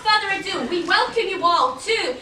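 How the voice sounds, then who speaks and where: An actress playing a bossy comic housewife who leads the group, with a drawling, laughing stand-up delivery, filmed live from the audience. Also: female voice, very high voice, expressive, moderate pace, a crowd in the background. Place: small theater stage. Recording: echoey stage filmed from far off with loud noise.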